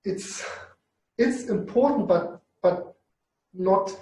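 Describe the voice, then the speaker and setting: A man teaching Greek to a class, explaining rules in halting phrases and often repeating himself. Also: high voice, dark tone. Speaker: Greek lecturer. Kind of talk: university class discussion. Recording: roomy, distant mic.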